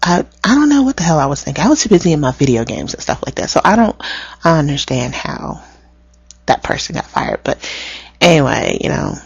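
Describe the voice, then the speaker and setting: A hoarse woman, telling a story about work in a casual, profane, exasperated rant. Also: sits low, very animated, fairly quick, no room sound. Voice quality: scratchy. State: hoarse from spicy food. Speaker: vlogger. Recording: dull lo-fi webcam sound.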